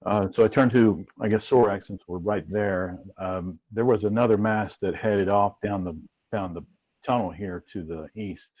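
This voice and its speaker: Deep-voiced man on a dull, dry mic. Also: normal speed. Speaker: player. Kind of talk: casual game talk.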